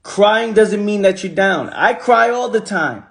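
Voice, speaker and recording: A man's voice: sits high, lively intonation, unhurried, creaky, fairly bright tone. A man giving a casual motivational talk on a phone livestream, repeating lines for emphasis and using slang. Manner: repetitive, emphatic, preachy. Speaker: motivational speaker.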